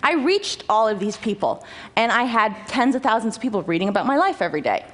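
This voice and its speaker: A young woman speaks to a conference audience from a stage in a chatty, self-mocking manner. Her delivery is animated, and she often restarts her sentences as she goes. She is picked up by a stage microphone in a large auditorium. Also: fairly high pitch, fast. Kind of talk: personal talk to a conference audience.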